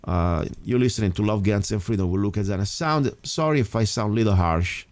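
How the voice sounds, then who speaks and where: Emphatic talk radio host, lowish voice. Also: male voice, brisk, darkish tone, dry recording. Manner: emphatic, rambling with restarts. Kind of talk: casual talk radio monologue.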